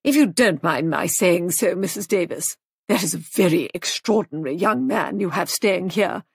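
A woman voicing a demanding older female guest who speaks in a haughty, cutting way, slow and clipped. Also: fairly low pitch, vocal fry, husky, dry recording, studio quality.

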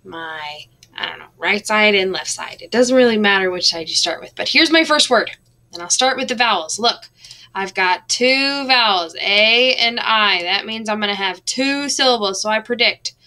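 A woman teacher giving a recorded lesson, patient and drawing out words slowly to count out their beats. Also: mid-range voice, bright, forceful tone.

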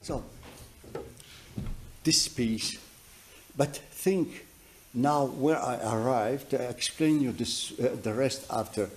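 A man teaching a double bass masterclass, telling anecdotes in halting speech, often restarting sentences as he searches for words, then turning emphatic. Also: slight background noise. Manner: animated, emphatic storytelling. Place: music college teaching room.

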